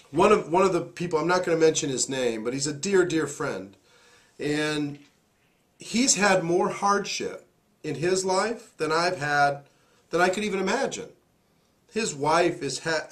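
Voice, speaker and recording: A man with a hoarse, worn voice leads a motivational talk as host. He speaks in a fairly high register and presses each point in a preachy, emphatic way. It sounds like a studio mic. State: hoarse, recovering voice.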